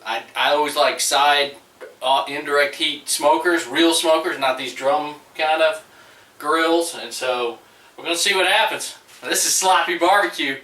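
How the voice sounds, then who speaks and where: Middle-aged man, bright voice, chatty backyard cooking vlog, roomy sound from a distance. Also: a little high, a little slow. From US Gulf Coast. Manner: laid-back, chatty, talks to viewers while cooking. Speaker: home cook vlogger. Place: outdoors at a backyard grill. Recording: roomy sound from a distance, faint background noise.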